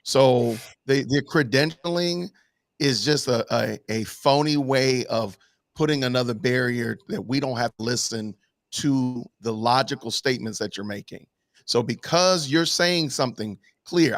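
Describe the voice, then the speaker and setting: A man's voice: medium pitch, no echo. A man taking part in a live online panel discussion over a video call, arguing emphatically with many rhetorical questions. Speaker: panel guest.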